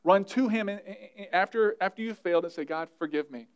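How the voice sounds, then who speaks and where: A man, a pastor, preaching a sermon in an earnest, conversational way with touches of humor, dropping softer when he voices prayers. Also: high voice, steady tone, fast talker, clean tone.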